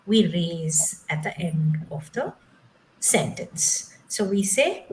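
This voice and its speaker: A woman's voice: lowish voice, animated, darkish tone, a little hiss or hum, rough recording. A woman whose first language is not English, teaching English pronunciation step by step in an online training session over a video call. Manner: slow, patient, explains step by step.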